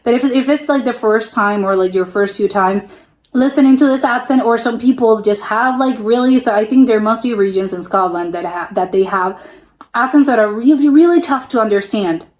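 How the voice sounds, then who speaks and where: American woman, reaction host; chatty and rambling, thinks out loud, slightly high pitch. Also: normal speed. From United States. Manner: chatty, musing aloud, rambling with many restarts. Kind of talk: casual reaction commentary.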